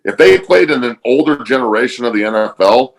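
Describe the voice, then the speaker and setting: A man's voice: medium pitch, lively intonation, a little fast, creaky, low-quality recording. A man hosting a podcast, talking bluntly and emphatically in casual chat, with frequent swearing. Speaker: podcast host.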